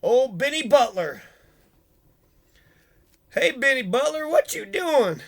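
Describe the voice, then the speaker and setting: A man's voice: very high voice, very animated, takes it slowly, vocal fry. A man casually commenting on history, irreverent and sarcastic, swearing freely and reacting to quotes he reads aloud. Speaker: history channel host.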